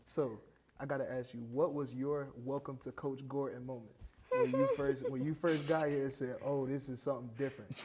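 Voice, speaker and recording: A man interviewing guests, asking questions in a relaxed, conversational way. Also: mid-range voice, a little fast, noisy background.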